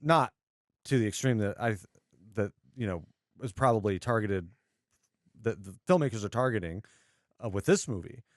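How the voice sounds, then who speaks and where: A man's voice: fairly low pitch, expressive, normal speed, long pauses, dry recording, studio quality. Hesitant man on a movie podcast. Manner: hesitant, with fillers and restarts. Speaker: podcast co-host. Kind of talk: casual movie review chat.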